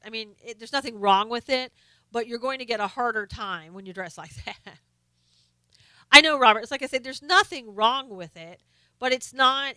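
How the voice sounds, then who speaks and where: A woman hosts a relaxed live stream, reading viewer comments aloud in a halting, chatty manner with frequent fillers and restarts while losing her voice. Her voice is on the high side, pushed and bright but smooth, with no echo.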